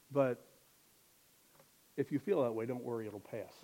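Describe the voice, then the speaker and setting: A young man preaching a sermon, building to loud, impassioned exhortation. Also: medium pitch, steady tone, moderate pace, pauses often.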